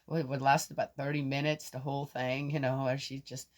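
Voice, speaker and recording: A woman's voice: very deep voice, little pitch movement, fairly quick. An older woman chatting casually to her viewers, rambling from one thought to the next and laughing often. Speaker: vlogger. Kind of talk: casual chat to camera.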